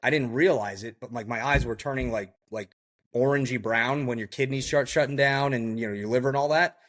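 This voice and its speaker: A man with a medium-pitched, brisk voice is a podcast guest telling a survival story in a lively way. He acts out what others said and leans heavily on "like" and "you know."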